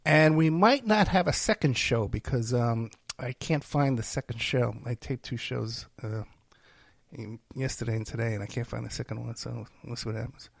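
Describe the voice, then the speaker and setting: A man hosts his own podcast and rambles through plugs and stories. He is full of fillers and self-deprecating asides. His voice is gravelly and close in a dry, dead-sounding recording, and he sounds tired and under the weather. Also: medium pitch, moderate pace, dry recording. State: tired, feeling unwell. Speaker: podcast host and private investigator. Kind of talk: rambling solo podcast talk.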